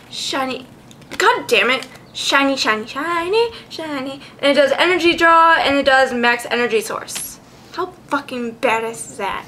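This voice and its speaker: Brief: young female vlogger, high and bright, laid-back pace, giggly and foul-mouthed. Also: a little hiss or hum. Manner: giggly, swears freely, sounds out names. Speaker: card collection vlogger. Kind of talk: casual chat.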